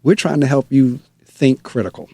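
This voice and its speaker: Animated school principal hosting an interview. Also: male voice, medium pitch, normal speed, breathy edge, dry recording. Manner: animated storytelling, repeats phrases for emphasis. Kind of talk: casual interview conversation.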